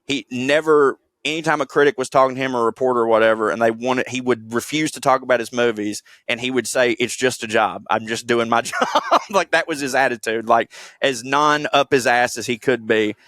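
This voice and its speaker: A man of middle pitch holds forth on a podcast, rambling through a story with casual swearing and self-deprecating asides. His voice is recorded close and dry, with no room echo at all. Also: fairly even intonation, fairly quick, hardly any pauses, a bit bright. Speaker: podcast co-host presenting history segment.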